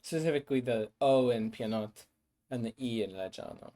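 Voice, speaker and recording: A man's voice: medium pitch, moderate pace, mellow. A man streaming his language-building work, thinking aloud hesitantly with many fillers and restarts, sounding words out to himself. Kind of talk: thinking aloud while working.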